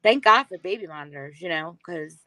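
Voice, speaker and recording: A chatty woman guest speaks in a slightly low but bright, crisp voice, reassuring and quick to laugh. Her sound is dry and close, with no room around it. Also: animated, no room sound, poor audio. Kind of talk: casual live-stream chat.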